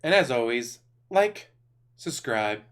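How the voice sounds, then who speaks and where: A man's voice: medium pitch, big pitch swings, takes it slowly, clean tone. A man streaming casual reaction commentary, mocking and laughing as he tells stories and swears freely.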